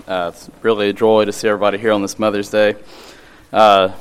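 Smooth-voiced male preacher, earnest and halting. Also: on the low side, little pitch movement. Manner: earnest, halting delivery with frequent restarts; reads scripture aloud slowly and with emphasis. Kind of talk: sermon.

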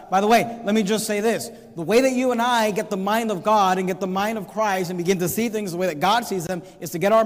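A pastor delivers an earnest sermon, driving his points home by repeating key phrases. His voice sits fairly high for a man. The sound carries a long reverb, as in a church sanctuary.

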